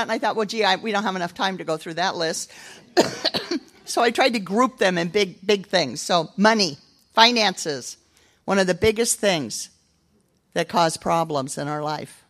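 A woman's voice: medium pitch, creaky. An older woman giving a chatty, self-deprecating sermon, telling stories and teaching from scripture. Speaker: speaker at a church gathering. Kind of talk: casual storytelling sermon.

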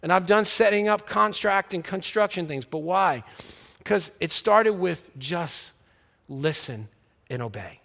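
High-voiced preacher man in an echoing hall. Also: lively intonation, unhurried, creaky, fairly bright tone. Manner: storytelling, acting out quoted dialogue. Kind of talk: sermon with personal testimony.

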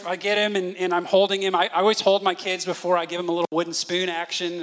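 Bright-voiced, animated male pastor preaching. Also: high voice, fast, few pauses. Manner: animated storytelling, acts out voices of his children. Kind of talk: sermon.

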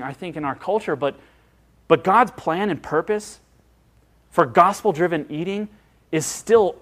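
Male pastor, somewhat high voice, emphatic conversational sermon, repeats lines for stress. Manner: conversational preaching with rhetorical questions.

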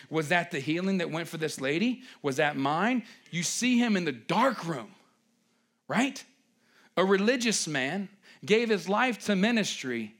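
Animated man preaching a conversational sermon. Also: high voice.

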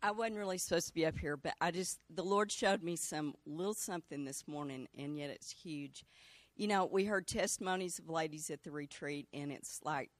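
A woman's voice: sits low, moderate pace, no echo. A woman giving an earnest, reflective testimony in a church service. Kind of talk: spoken testimony.

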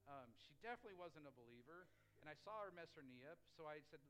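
A man's voice: on the high side, lively intonation, quick pace, fairly bright tone, rough recording. A man preaching a sermon as a pastor, telling stories in a conversational way with frequent restarts.

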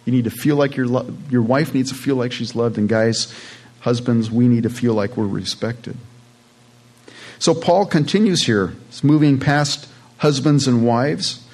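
A man's voice: mid-range voice, unhurried, a little mellow. A man preaching a sermon in a plain, conversational way, with casual asides to his congregation. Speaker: pastor.

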